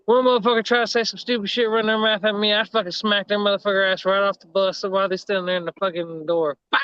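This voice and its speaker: A man's voice: sits high, level tone, fast, few pauses, sharp tone, clear, resonant tone, no room sound, highs cut off. A man from Texas, chatting casually on a livestream and telling stories full of swearing and laughter. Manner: profane, laughing storyteller. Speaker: livestream co-host. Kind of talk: casual chat.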